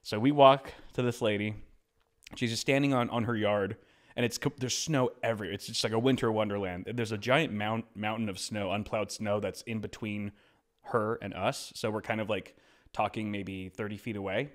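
A young man on a podcast telling a story in a casual, animated way, switching into quoted voices as he goes. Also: on the low side, moderate pace. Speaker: podcast co-host.

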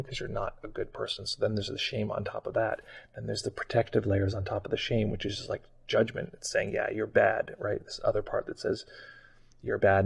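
A man recounting a personal experience in a soft, halting way, with many fillers and pauses. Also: fairly low pitch. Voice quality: gravelly, husky. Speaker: meditation channel host. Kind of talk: personal reflective account.

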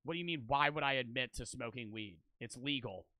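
A man's voice: mid-range voice, brisk, pushed and bright, no echo. A man in his twenties streaming and reacting to videos, rambling and joking with a lot of profanity. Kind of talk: casual stream chat.

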